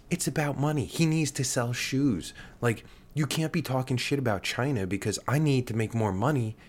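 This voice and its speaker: A man around forty rants on a podcast, swearing and rambling with many fillers. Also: on the low side. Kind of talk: profane podcast rant.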